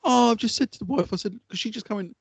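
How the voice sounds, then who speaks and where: A man co-hosting a podcast, chatting casually, swearing freely and telling animated stories. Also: high voice, fast, vocal fry, slightly rough, no room sound. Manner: swears freely, animated storytelling with put-on quotes. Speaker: podcast co-host. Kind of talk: casual chat.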